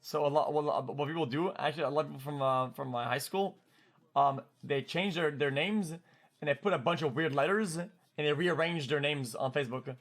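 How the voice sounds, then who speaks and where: A young French-Canadian man streaming, spinning a story in loose, casual chat. He talks excitably with a fairly high voice, swears freely and trips over repeated words as he rushes ahead. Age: 20s.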